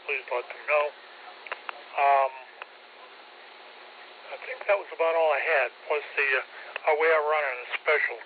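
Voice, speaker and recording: A man on an amateur radio net giving club announcements, halting and full of fillers and self-corrections. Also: mid-range voice, narrow, tinny audio. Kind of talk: casual radio net talk. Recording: thin two-way radio transmission with faint hiss.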